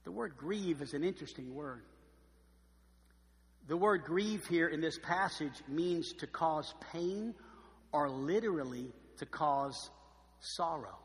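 A man preaching a sermon as pastor, emphatic and swinging from quiet, slow stress to loud emphasis. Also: on the high side, animated, in a large hall.

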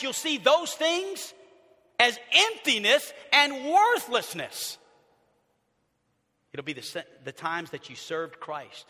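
A man in his fifties preaching a sermon as a pastor, swinging between loud bursts and hushed passages. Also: a little high. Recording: long reverb of a large hall.

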